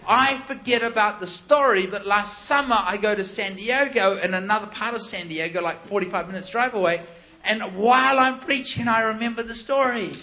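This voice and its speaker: A male preacher with a very high, bright voice, preaching a sermon. He tells a story conversationally and leans hard on the key points. His delivery is emphatic and animated throughout. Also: moderate pace. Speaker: pastor.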